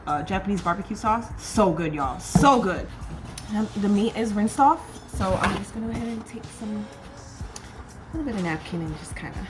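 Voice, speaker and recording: A woman from California chatting casually as she cooks in her home kitchen, often calling her viewers "y'all". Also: medium pitch. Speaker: cooking vlogger. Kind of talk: casual cooking chat.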